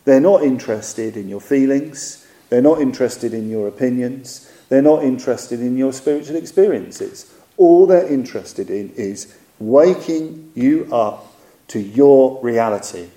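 Male Buddhist teacher, slow and mellow, thinking aloud with hesitant fillers, in an echoey hall. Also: mid-range voice. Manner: reflective, measured, with frequent hesitant fillers. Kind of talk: dharma talk.

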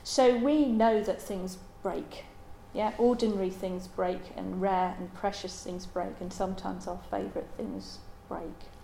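A woman's voice: medium pitch, steady tone, gravelly, dark tone. Woman doing a dharma talk, lots of ums, echoey room, a little background hiss. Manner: halting, thoughtful, many ums. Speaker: Buddhist dharma teacher. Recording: roomy echo.

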